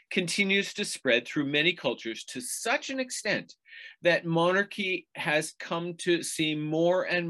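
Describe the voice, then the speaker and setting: A man preaching a sermon in a measured teaching tone, now and then asking the listeners rhetorical questions. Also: medium pitch, pushed and bright.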